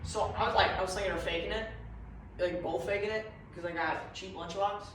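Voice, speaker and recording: A man's voice: high-pitched, fairly even intonation, brisk, fairly bright tone, a little hiss or hum. A man telling a rambling comic story in a meandering, confused way. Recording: echoey room, far from mic.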